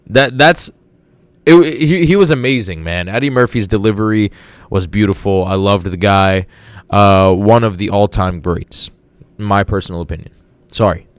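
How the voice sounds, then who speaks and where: A man's voice: fairly low pitch, animated, unhurried, long pauses, dry recording. A man hosting a podcast in a casual monologue, rambling and repeating words with enthusiasm. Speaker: podcast host.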